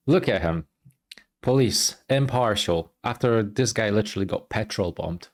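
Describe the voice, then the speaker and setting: Lowish-voiced dude ranting on stream, swears a lot, incredulous and mocking. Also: male voice, measured pace. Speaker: streamer reacting to clips. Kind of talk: live stream reaction commentary.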